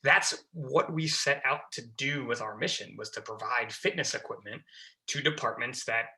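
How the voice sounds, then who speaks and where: A man's voice: medium pitch, moderate pace, pushed and bright. A man, a fire lieutenant, talking casually as a podcast guest, full of fillers and restarts. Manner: chatty, many fillers and restarts.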